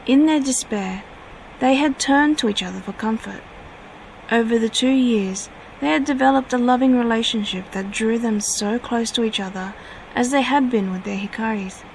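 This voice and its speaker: A woman reading her own fanfiction aloud at a steady pace, now and then correcting herself. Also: a little high, normal speed, a little hiss or hum, poor audio.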